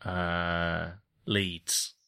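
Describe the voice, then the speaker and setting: A man with a very low, gravelly voice gives short, dry reactions in casual chat. He speaks very slowly, dragging out each word. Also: level tone, bright, forceful tone. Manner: brief reactions and dry asides.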